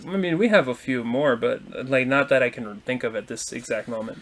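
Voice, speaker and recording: A man co-hosting a podcast, telling a story in casual, profane chat and acting out the insults he shouted. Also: medium pitch, a little fast. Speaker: podcast co-host.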